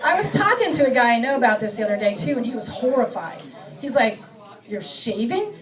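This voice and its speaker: A middle-aged woman doing a stand-up comedy set, self-mocking and acting out her bits with quick shifts of voice. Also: on the high side, sing-song, far from the mic, crowd noise, poor audio. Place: comedy club stage before a live audience.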